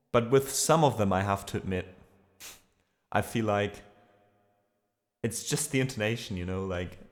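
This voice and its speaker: Relaxed low-voiced man chatting on stream. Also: long reverb tail. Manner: relaxed, rambling, fillers and laughs. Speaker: musician streamer. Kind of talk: casual livestream chat.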